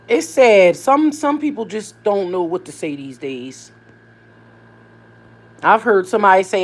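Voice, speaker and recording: A woman's voice: mid-range voice, a little slow, pauses often. Rambling woman chatting to camera. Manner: rambling, conversational, animated asides. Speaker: vlogger and mother. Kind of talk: casual chat to camera.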